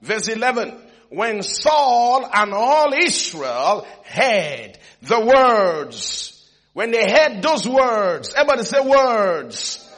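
A man's voice: high voice, sing-song, slow, fairly bright tone. A male pastor preaching an emphatic sermon, calling for amens from the congregation. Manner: emphatic call-and-response preaching.

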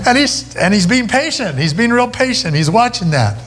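A man's voice: high voice, lively intonation, moderate pace, few pauses, a bit bright. A middle-aged man preaching a sermon, telling a personal story in a conversational way. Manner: storytelling, conversational, many restarts. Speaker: pastor.

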